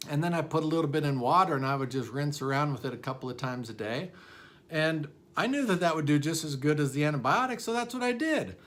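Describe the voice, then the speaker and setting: A man's voice: fairly high pitch, animated, fast, a bit bright. A man putting on the voice of a self-assured woman patient, explaining her choices in a matter-of-fact way.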